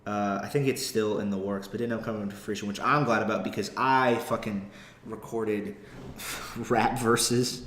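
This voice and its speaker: In a casual comedic monologue on his podcast, a young adult man rambles through a profane, self-deprecating story. His voice is on the low side, a bit bright, with fairly even intonation at normal speed, recorded with a roomy echo and a little hiss or hum.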